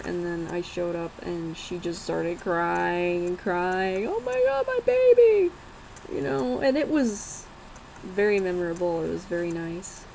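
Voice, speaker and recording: A woman's voice: medium pitch, creaky, darkish tone, slight background noise, low-quality recording. A young woman casually telling a personal story, rambling and swearing now and then. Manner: unhurried, rambling, swears and laughs while telling.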